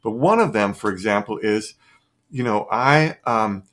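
A man's voice: lowish voice, lively intonation, measured pace, fairly bright tone. A middle-aged man talking as a podcast guest, speaking expansively and enthusiastically in a philosophical, reflective way. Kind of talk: reflective conversation.

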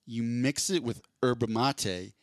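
A man co-hosting a comedy podcast, rambling through jokes and slipping into quick impressions. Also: medium pitch, no room sound, clean studio sound. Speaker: podcast co-host. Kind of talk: casual comedic chat.

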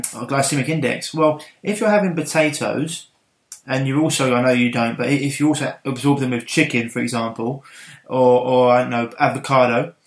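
A man hosting a casual interview, rambling with many restarts. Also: mid-range voice. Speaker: podcast host. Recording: roomy echo.

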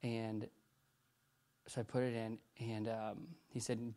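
A middle-aged man preaching a personal testimony, halting and rambling with many restarts, swinging between loud bursts and hushed retelling. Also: on the low side, flat delivery. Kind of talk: sermon testimony.

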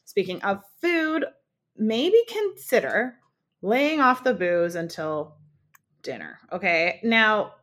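A woman's voice: medium pitch, big pitch swings, slow, a bit bright. Laughing woman giving frank wedding tips. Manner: laughing, friendly, gives direct practical advice. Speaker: podcast co-host, wedding planner. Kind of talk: casual chat.

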